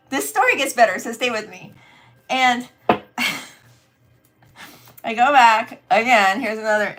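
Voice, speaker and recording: A woman's voice: mid-range voice, a bit bright. A middle-aged woman tarot reader telling a story on a casual livestream. She is chatty, laughs often, and talks straight to her viewers.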